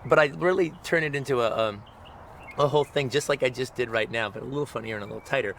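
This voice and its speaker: A man tells an animated, profane story in an interview, often checking in with "all right?". His voice is bright and forceful at a middle pitch. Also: fast talker, slight background noise. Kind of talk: casual anecdote in interview.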